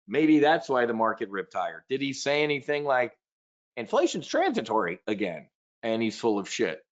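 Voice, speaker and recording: A man's voice: medium pitch, brisk, muffled recording. Blunt, ranting male trading host. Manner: blunt, profane, animated ranting. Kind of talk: live market briefing.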